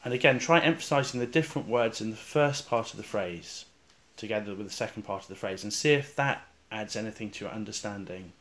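Male preacher, sermon-style guided meditation, calm and reflective, unhurried with pauses, hushed on recited verses. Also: on the low side. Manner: calm and reflective, with slow pauses, dropping soft on repeated verses.

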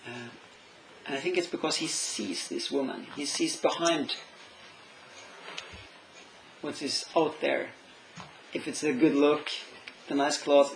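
A man's voice: medium pitch, a little hiss or hum, rough recording. A man preaching a sermon in English, which is not his first language, thoughtful and stopping to search for words. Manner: thoughtful, searching for words, asks questions aloud.

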